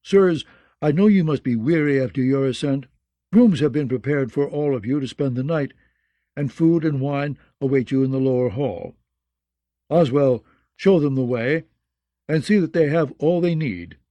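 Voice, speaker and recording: Man playing a scheming lord, mild, courteous, apologetic, mellow voice. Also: mid-range voice, lively intonation, normal speed, no echo, close to an everyday voice. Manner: soft-spoken, apologetic courtesy.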